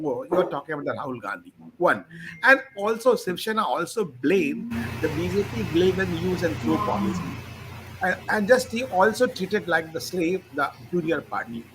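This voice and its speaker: A man's voice: high-pitched, expressive, normal speed, background noise. A man hosting a political panel, speaking in broken phrases and calling on guests by name. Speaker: host and moderator.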